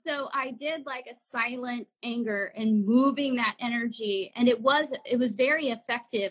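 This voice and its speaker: A woman in her forties, a spiritual guide, appears as a guest in a casual live chat over a video call. Her voice is fairly high, sharp, and husky, and she comes across as earnest, laughing often.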